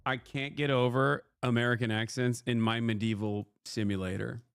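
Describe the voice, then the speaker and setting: A man's voice: medium pitch, level tone, normal speed, clean tone, no echo, clean studio sound. A man streaming a medieval game, joking and irreverent as he plays. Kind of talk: live-stream commentary.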